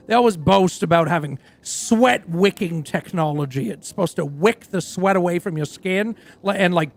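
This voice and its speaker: A man playing a crude, boastful rock singer in a roleplay game, telling a rambling story full of fillers. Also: high-pitched. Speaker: roleplay character. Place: game stream from a dry studio.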